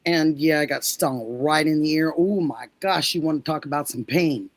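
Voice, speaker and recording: A woman co-hosting a casual chat, excitable, with halting restarts and exclamations. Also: sits low, dry recording. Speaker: podcast co-host.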